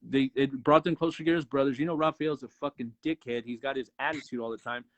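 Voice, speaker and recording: A man's voice: mid-range voice, fast talker, dry recording, lo-fi sound. A man co-hosting a movie review show, chatting casually, swearing often and acting out scenes. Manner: profane, animated, acts out scenes. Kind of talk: casual chat.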